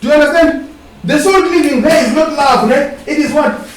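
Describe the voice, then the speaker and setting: A man's voice: extremely high pitch, normal speed. A man preaching a sermon. He tags his lines with questioning asides and asks the congregation to finish his sentences. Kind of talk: sermon with call-and-response. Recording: echoey hall, distant mic, faint hiss.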